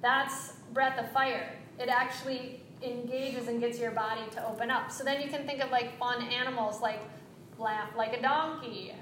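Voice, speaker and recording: A woman teaching yoga breathing, giving gentle, encouraging cues with quick asides. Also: on the high side, fairly even intonation, roomy sound, a little hiss or hum, rough recording. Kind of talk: guided breathing instruction.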